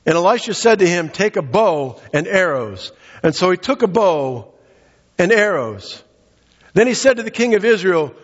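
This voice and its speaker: Guy preaching, high lively voice, kinda husky, long echo in the hall. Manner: earnest preaching, reads scripture aloud and explains. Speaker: pastor. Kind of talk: sermon. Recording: dull lo-fi sound with long hall reverb.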